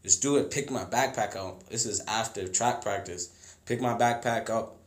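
A young man telling a story in casual, slangy chat. He acts out the people in his story by jumping into a much higher, louder voice. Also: moderate pace, roomy sound. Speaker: podcast guest telling a story.

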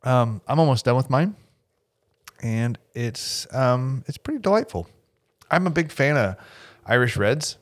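A man co-hosting a podcast, chatting casually in a relaxed, low-key way that often trails off. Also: a little slow. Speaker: podcast co-host. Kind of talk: casual chat.

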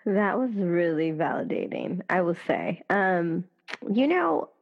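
A woman hosting a casual podcast conversation, chatty and animated, with lots of "you know" and "like". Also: fairly low pitch, takes it slowly, vocal fry, dull audio. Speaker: podcast host.

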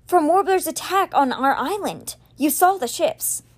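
A woman's voice: high-pitched, animated, measured pace, pitched above the performer's own voice. A woman voicing an angry, defiant young male wizard confronting his brother, bitter and heated.

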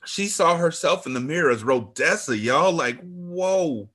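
A man hosting a book club podcast reacts to the story with lively, animated exclamations. His pitch swings widely and he stretches out his reactions. He often repeats himself as he thinks aloud. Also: a little slow, husky. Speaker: podcast host.

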